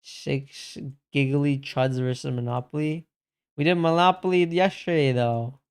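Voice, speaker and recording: Male streamer, laid-back slangy chat, clear voice, slow delivery. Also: a little high. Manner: slangy, calls everyone bro; reads and answers chat. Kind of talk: casual livestream chat.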